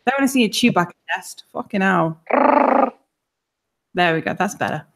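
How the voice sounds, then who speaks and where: A woman's voice: lowish voice, lively intonation, moderate pace, a bit bright. A woman co-hosting a casual live-stream chat, teasing her co-host and swearing casually.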